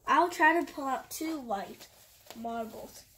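A woman's voice: high voice, slow pace, bright, forceful tone, slight background noise, full character voice. A woman reading the lines of an earnest young boy who explains things eagerly.

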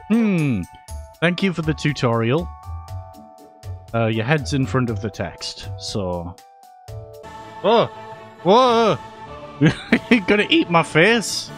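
A man riffs sarcastically over gameplay footage, his pitch sitting a touch high and bouncing lively from line to line. He takes his time with each joke, an unhurried delivery broken up by frequent laughter. Faint music plays behind him. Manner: sarcastic, joking, laughs often. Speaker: gaming YouTuber. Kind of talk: edited gameplay commentary.

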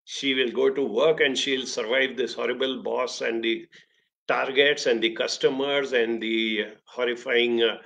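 Gravelly man giving a talk. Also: medium pitch, steady tone, measured pace, a bit bright. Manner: storytelling, emphatic, conversational. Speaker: speaker, talk host. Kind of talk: motivational talk.

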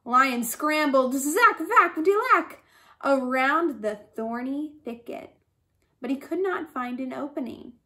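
Slow expressive woman storyteller. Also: sits high. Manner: expressive, with sound effects. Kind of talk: reading a folk tale aloud.

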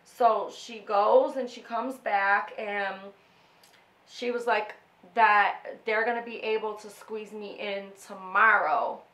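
A woman's voice: medium pitch, a bit bright. Emotional rambling woman in an echoey room. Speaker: vlogger. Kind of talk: casual storytelling to camera.

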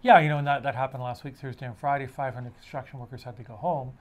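Man, mid-pitched voice, podcast co-host, halting delivery. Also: fairly even intonation. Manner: halting, many fillers and restarts while building a point. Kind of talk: casual discussion podcast.

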